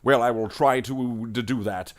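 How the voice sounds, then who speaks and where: This man's voice is mid-range, delivered at a normal speed with fairly even intonation. He streams himself painting miniatures and rambles jokily in character as a space marine, addressing his audience as "brother Marines."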